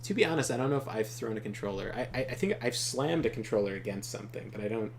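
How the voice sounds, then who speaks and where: A man's voice: lowish voice, expressive, fast, creaky, slight background noise. A man hosting a co-op gameplay video, telling stories in a rambling, profane way and laughing often. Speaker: co-op gameplay host. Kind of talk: casual storytelling chat.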